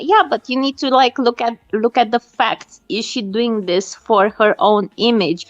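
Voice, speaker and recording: Measured woman on dull lo-fi audio. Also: fairly high pitch. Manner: measured, hedging with fillers. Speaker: guest on a livestream. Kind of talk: casual opinionated chat.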